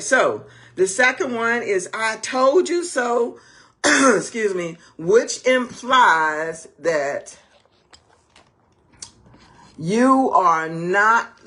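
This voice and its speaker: Slow, lively preaching woman. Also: medium pitch. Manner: emphatic, rhetorical questions, scripture quoting. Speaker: marriage teacher and minister. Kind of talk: preaching-style teaching to camera.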